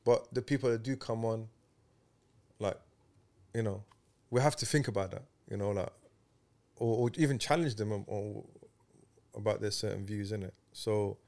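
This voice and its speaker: A man hosting a casual podcast chat, animated and slangy, getting loud when excited. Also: fairly low pitch, normal speed, pauses often. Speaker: podcast host.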